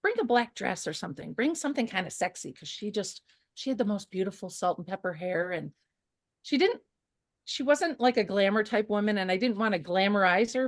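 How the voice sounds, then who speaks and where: A woman photographer, interviewed as a show guest, recounts stories casually and with animation, often using fillers and restarting sentences. Her voice is medium-pitched, and the studio-quality audio has no echo.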